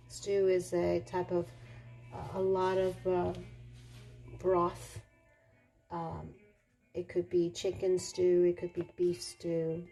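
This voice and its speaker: A woman reading a picture book aloud, stopping to explain words simply with pauses and fillers. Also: fairly low pitch, warm tone. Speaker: storybook reader.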